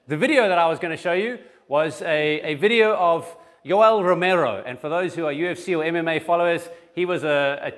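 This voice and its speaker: Man, pastor, church sermon, conversational, restarts, slightly high pitch. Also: a bit bright. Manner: conversational, with frequent restarts and repeated words.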